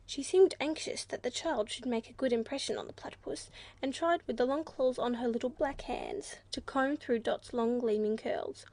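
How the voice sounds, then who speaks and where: A woman narrates a children's storybook with a clear, measured delivery. Her voice sits high, and the recording is dry and close. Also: a little mellow, no room sound. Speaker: audiobook narrator.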